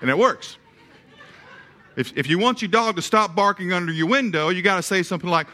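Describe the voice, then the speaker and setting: Bright-voiced preacher telling stories. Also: male voice, sits high, a little fast, some chatter behind, a little hiss or hum. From eastern Kentucky. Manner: folksy storyteller, animated, with repeated words and restarts. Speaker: pastor. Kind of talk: sermon with a humorous story.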